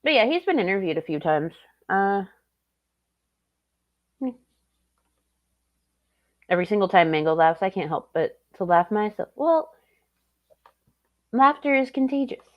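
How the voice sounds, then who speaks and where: A woman with a Southern US accent, hosting a stream and chatting casually with relaxed, playful asides. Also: medium pitch, measured pace, long pauses, highs cut off. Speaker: streamer host.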